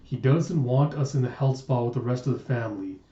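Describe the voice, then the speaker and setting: A man's voice: medium pitch, fairly quick, warm tone, roomy sound, lo-fi sound, lightly acted. A man voicing a serious, blunt young woman fighter in a comic readthrough. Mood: guarded.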